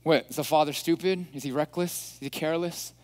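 A man preaching a sermon as pastor, animated and throwing rhetorical questions at the congregation. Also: on the high side, fairly quick. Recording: long hall reverb.

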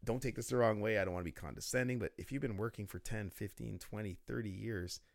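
Gravelly-voiced man telling stories. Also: fairly low pitch, fast, no echo, clean studio sound. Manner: storytelling, animated, laughs often. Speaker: guest, business mentor. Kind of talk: casual interview talk.

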